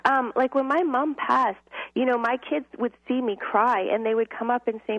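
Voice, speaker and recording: A woman's voice: a little high, brisk, dry recording. A middle-aged woman teacher as a podcast guest, explaining in an earnest, casual way over a phone line. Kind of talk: casual interview chat.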